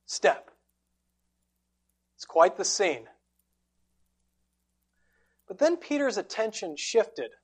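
A woman delivers a sermon at an unhurried, deliberate pace. Her voice sits low for a woman, and she tells the story dramatically, rising to forceful lines and then dropping to a hush. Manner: dramatic storytelling, swings between loud and hushed. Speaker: preacher.

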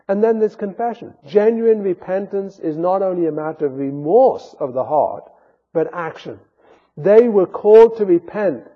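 Man, preacher, earnest emphatic sermon, husky, fairly high voice, dull lo-fi sound. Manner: earnest, emphatic, rising sharply on rebukes.

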